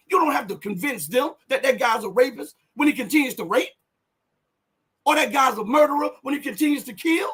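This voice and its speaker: A man with a strikingly high, husky voice delivers live political commentary. He talks with fiery conviction, hammering home points with repetition and climbing almost to a shout when he presses hardest. The delivery is rhetorical and driven. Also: animated, fairly quick. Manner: impassioned, rhetorical, repeats phrases for emphasis; voice rises to near shouts on key points.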